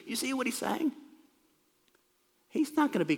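A man's voice: very high voice, big pitch swings, moderate pace, pauses often, in a large hall. A man preaching a sermon, explaining scripture in a plain, conversational way.

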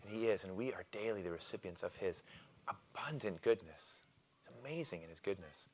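A man's voice: low voice, brisk. A man preaching a sermon, calling out to the congregation for responses and explaining scripture in a loose conversational way with light humor. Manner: call-and-response with congregation, animated emphasis. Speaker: pastor.

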